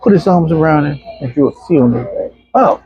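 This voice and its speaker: A middle-aged man, an interview guest telling personal stories in a casual, animated way and acting out other people's voices. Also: fairly high pitch, a little fast, slightly rough, dry recording, faint music behind. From Arkansas, USA. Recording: dull, muffled lo-fi sound.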